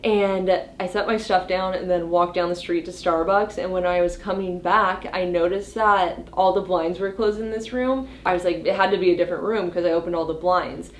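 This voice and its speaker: Lower-voiced young woman telling a story. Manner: quick, animated retelling. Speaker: guest investigator. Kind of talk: casual storytelling. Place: hotel room. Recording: echoey room with faint noise.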